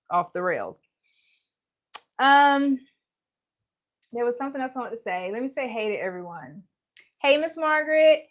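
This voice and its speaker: A woman's voice: mid-range voice, fairly bright tone. A woman hosting a casual embroidery livestream from home, chatty and joking, laughing often and greeting viewers by name. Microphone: live-streaming setup.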